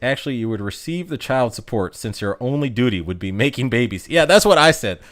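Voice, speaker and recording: A man's voice: medium pitch, animated, a little fast, fairly bright tone. A man chatting casually on a livestream, reading viewer comments aloud and joking in a rambling, self-amused way. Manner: joking, rambling, laughs at his own jokes.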